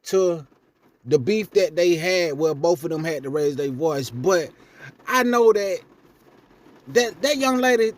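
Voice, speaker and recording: Vlog host, young man, high pitch, casual and blunt, gets loud when worked up. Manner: blunt, profane, rising when indignant. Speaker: commentary vlogger. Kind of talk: casual reaction commentary.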